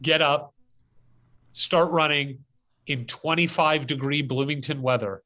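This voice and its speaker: A man's voice: a little high, steady tone, measured pace, sharp tone. A man hosting a podcast, telling a casual story outdoors and animatedly acting out his own part. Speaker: podcast host. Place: outdoors as rain starts.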